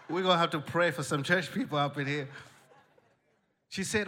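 A male pastor preaching a sermon, telling a story with humor and lively animation. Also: fairly high pitch, normal speed, long pauses.

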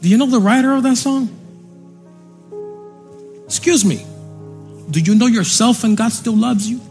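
A man preaching a fervent, repetitive sermon from a church stage, breaking into sung and shouted lines. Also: very high voice, normal speed, faint music behind.

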